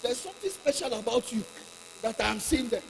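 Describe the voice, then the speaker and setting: A man's voice: extremely high pitch, expressive, brisk, gravelly, a little hiss or hum, heavily acted. A man voicing a curious young chicken that asks its elder wondering, eager questions in a long hall reverb.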